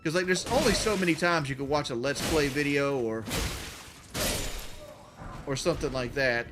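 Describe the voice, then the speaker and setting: A man, talking casually over a live game stream. His voice sits a little on the high side for a man, and he rambles and swears freely, padding thoughts with "like." A steady hiss of noise runs under the recording. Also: moderate pace. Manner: rambling, many "like" fillers, cursing. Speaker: gaming streamer. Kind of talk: casual live-stream chat while gaming. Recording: noisy background hiss.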